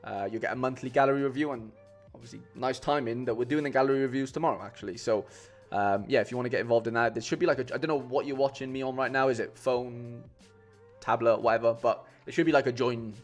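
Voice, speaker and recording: On his live stream, a man puts together fantasy football lineups while chatting loosely, piling on fillers and restarts and calling everyone "mate." He speaks quickly in a mid-range voice with fairly even intonation, over soft background music.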